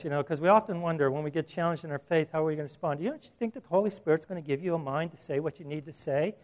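A man's voice: high-pitched, a little mellow. A middle-aged man preaching a sermon as a pastor, earnest and emphatic, asking his listeners questions.

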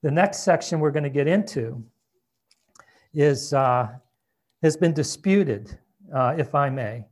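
A man preaching a sermon in a conversational way, reading scripture aloud and dropping to a soft, hushed voice at tender moments. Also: fairly high pitch, expressive, takes it slowly, pauses often. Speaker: pastor.

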